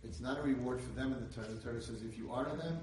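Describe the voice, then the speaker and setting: A man giving an inspirational Torah lecture, telling a story and building to loud, emphatic peaks. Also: mid-range voice, very fast, recorded from a distance, background noise. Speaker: rabbi lecturer. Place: lecture hall. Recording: echoey hall, speaker away from mic.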